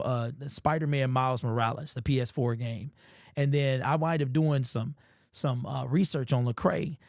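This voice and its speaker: A man with a hoarse, sore-throated voice, hosting a casual sports livestream and chatting loosely with viewers. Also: mid-range voice, a little mellow, no echo, clean studio sound. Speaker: sports show host.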